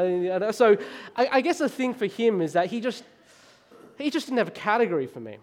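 A man in his thirties with an Australian accent, preaching a sermon in a lively storytelling way and often stumbling and repeating words. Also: high-pitched, fairly quick.

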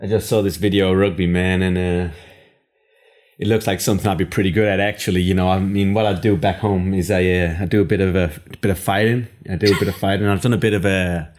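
A man's voice: deep voice, fairly even intonation, fast, a little mellow, natural voice. A man voicing a boastful American man who thinks he is a rugby expert, speaking in an American accent. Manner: boastful, swaggering.

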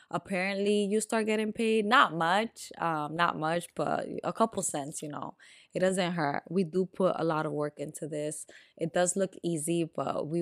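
A young woman with a slightly raspy, lowish voice chats casually on a podcast. She fills her sentences with ums as she talks. The recording is close and dry. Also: no echo. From Puerto Rican. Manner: chatty, lots of ums. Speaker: podcast co-host.

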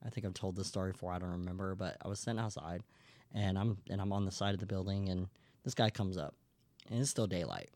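A young man hosts a podcast and rambles through a story, full of fillers, restarts and swearing. His voice sits a bit low. The sound is dry and close. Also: fast talker, darkish tone, no echo. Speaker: podcast host. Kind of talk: casual storytelling chat.

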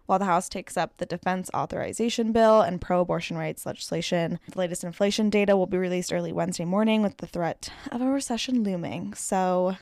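A woman's voice: on the low side, fairly quick, vocal fry, few pauses, a little mellow, no room sound, studio quality. A young American woman co-hosting a casual news podcast, chatty and full of "like". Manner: chatty, lots of "like". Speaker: podcast co-host.

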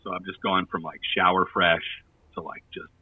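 A man's voice: low-pitched, huge pitch swings, normal speed, husky, recorded from a distance, narrow, tinny audio. A man who plays in a touring band telling a long, rambling anecdote in casual chat, laughing often and using lots of fillers.

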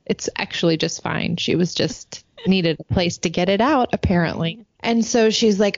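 Woman, 30s-40s, podcast co-host, animated storytelling, muffled dull mic. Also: fairly low pitch, moderate pace, hardly any pauses, dry recording. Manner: animated storyteller, laughs often. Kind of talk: casual podcast chat.

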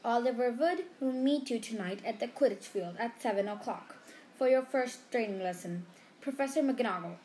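A woman reading as a brisk stern professor. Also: on the high side, mellow, a little hiss or hum, close to an everyday voice. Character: brisk stern female professor writing a note.

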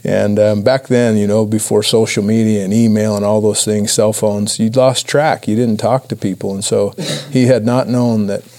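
Man from Idaho, low gravelly voice, earnest, halting, sharing testimony with a congregation. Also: fairly even intonation, dark tone. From Idaho, USA. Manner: earnest, halting, many restarts. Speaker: church speaker. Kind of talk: personal testimony talk.

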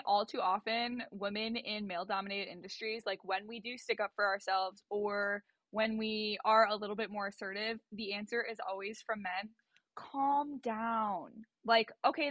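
A woman co-hosts a podcast in casual chat and speaks her mind assertively. Her voice is mid-pitched. The recording is dry and close. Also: fairly bright tone, dry recording. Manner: assertive, opinionated. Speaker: podcast co-host.

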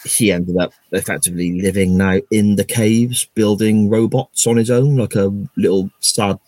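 A man's voice: lowish voice, steady tone, normal speed, a little mellow, no room sound. A man co-hosting a podcast in casual chat, explaining plot points at length. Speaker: podcast co-host.

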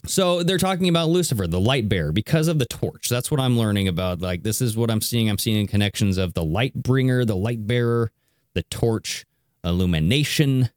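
A man's voice: fairly quick, no echo, clean studio sound. A man hosting a show, chatting casually as he reacts to video clips. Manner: animated, jumps into high mock tones.

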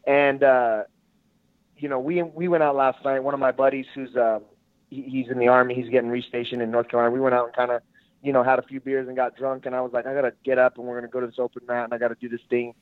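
A man's voice: mid-range voice, quick pace, dry recording. A man telling a story as a guest over the phone, laughing and swearing as he talks. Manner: laughing, profane, animated retelling. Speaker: guest, jiu-jitsu gym owner. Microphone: phone call. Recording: tinny phone line.

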